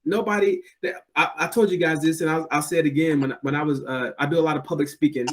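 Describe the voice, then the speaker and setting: Man, casual podcast chat, lively storyteller, jumps up in pitch for quotes. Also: fast talker. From United States. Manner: animated storyteller, acts out quotes in a raised voice. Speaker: podcast co-host.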